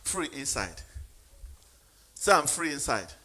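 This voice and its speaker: A man preaching with real emphasis, firing questions at his listeners. His voice is husky, and its pitch swings widely from line to line. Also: sing-song, slow, sharp tone. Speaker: speaker. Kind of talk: motivational sermon.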